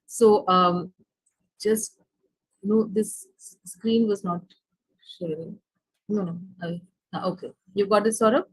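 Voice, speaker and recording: A woman with an Indian English accent giving an online lecture over a video call, pausing often with fillers and restarting phrases. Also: medium pitch, fairly even intonation, husky, no echo, rough recording. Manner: hesitant, many fillers and restarts.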